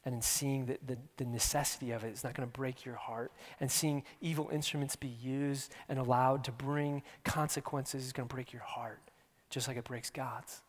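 A man preaching an earnest sermon, repeating his words and shifting between hushed near-whispers and loud emphasis. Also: mid-range voice, steady tone, normal speed. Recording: long hall reverb.

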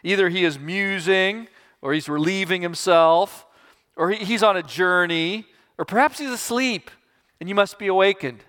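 A man's voice: a little high, a little slow, a bit bright, clear, resonant tone. A man reading aloud as a bold male prophet, declaiming with raised emphatic force. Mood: mocking. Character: bold male prophet calling on God, fiery and mocking. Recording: long reverb of a large hall.

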